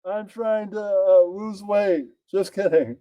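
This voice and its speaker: A man voicing a coy female radio cohost ordering a drink, in a slow, sugary falsetto. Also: dry recording, lo-fi sound.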